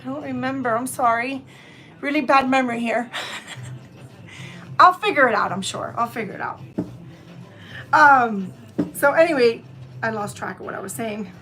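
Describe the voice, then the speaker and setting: A high-pitched woman in her fifties from Florida leads a live gift-wrapping lesson. She talks to her viewers in a loose, chatty way, calls them y'all, and keeps wandering from the task. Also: unhurried, pauses often, bright, forceful tone, faint music behind. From Tampa area, Florida, US. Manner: chatty and digressive, often addresses viewers as y'all. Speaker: craft channel host.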